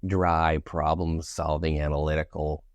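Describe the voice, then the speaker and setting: A young man co-hosting a podcast in casual chat, playful and jokey with sudden animated outbursts. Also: very deep voice, unhurried, no echo, dull audio. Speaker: podcast co-host.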